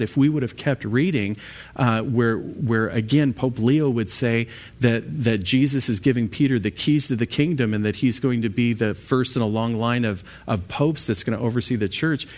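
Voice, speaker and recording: A man leading an evening Bible study as pastor, talking through scripture in a conversational way with fillers and restarts. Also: mid-range voice.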